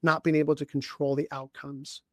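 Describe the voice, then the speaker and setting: A man who coaches leaders tells a personal story in a voice that sits a little higher than most men's. He talks haltingly, restarts his sentences often and keeps clearing his throat. The sound is dry and close, with no room echo. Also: flat delivery, fairly bright tone. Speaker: leadership coach and podcast co-host. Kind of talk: conversational storytelling.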